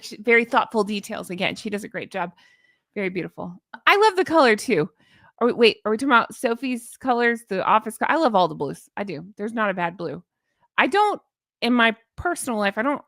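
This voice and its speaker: Lively, giggly woman gossip host. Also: on the high side, gravelly, no echo, studio quality. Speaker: royal commentary channel host. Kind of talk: casual chat reading live comments.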